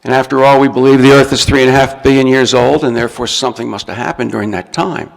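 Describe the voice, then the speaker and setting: Man lecturing, gravelly voice in a hall. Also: medium pitch, steady tone, quick pace. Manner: explains step by step, shows a book, restarts words often. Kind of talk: recorded talk to an audience. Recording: long reverb from a hall.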